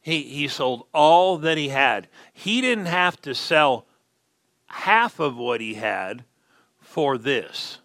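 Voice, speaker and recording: A male pastor preaching with a bright, forceful voice. He speaks slowly and deliberately, drawing out the words he wants to land and asking his listeners if they are following. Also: fairly high pitch, lively intonation. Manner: emphatic preaching, slows down to stress key words, asks the congregation questions. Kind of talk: sermon.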